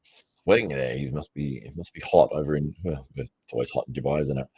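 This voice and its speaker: A man casually commentating on a live stream from his computer, chatty and quick to laugh as he rambles between tasks. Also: rumbling low, fairly even intonation, mellow, breathy edge.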